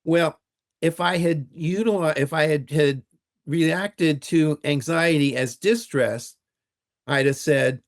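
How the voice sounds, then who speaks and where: A man's voice: fairly high pitch, slow pace. Methodical older man explaining emotions. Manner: methodical, spells out terms letter by letter. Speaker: expert guest, retired university teacher. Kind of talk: explanatory interview talk.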